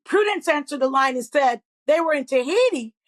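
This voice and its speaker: A middle-aged woman and comedian, swearing freely as she tells animated stories as a guest in a podcast interview. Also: high-pitched, normal speed.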